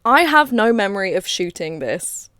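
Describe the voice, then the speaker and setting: A woman's voice: medium pitch, big pitch swings, normal speed, a bit bright, dry recording. Casting: self-mocking woman in casual reaction commentary, mid-range voice, dry close sound. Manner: chatty and self-mocking, laughs often. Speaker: creator reacting to her old sketch.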